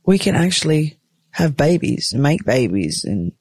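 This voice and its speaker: Gravelly-voiced chatty woman, exhausted new mother. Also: low-pitched, very animated, moderate pace, darkish tone, dry recording. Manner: chatty, exclamatory, frank. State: exhausted after giving birth. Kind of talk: candid personal vlog. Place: hospital room.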